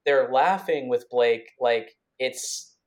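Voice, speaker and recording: A man co-hosting a podcast, recounting events in a casual, rambling way with many restarts and quick bursts. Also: mid-range voice. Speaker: podcast co-host. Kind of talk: casual conversational storytelling.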